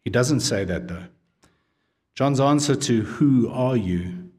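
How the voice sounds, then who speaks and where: A male pastor gives an expository sermon in an easy, conversational way. He checks in with his listeners through casual questions. At key points his voice sinks low and quiet. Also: animated, slow. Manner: conversational preaching, drops to a low, quiet voice for emphasis; asks the audience casual questions.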